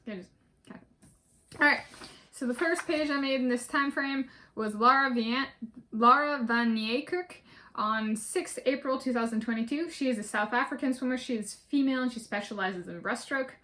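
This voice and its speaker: A woman's voice: fairly high pitch, normal speed, pushed and bright. A woman vlogger talking casually and methodically through a list, with many fillers and restarts. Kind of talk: casual spoken list walkthrough.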